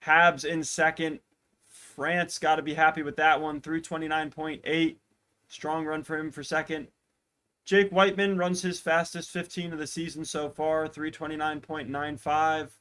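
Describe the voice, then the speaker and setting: A young man commentating a track race live for a watch-party stream, getting excited as the race builds and chatting to viewers. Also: on the high side, normal speed, smooth. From United States. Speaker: podcast host commentating a race.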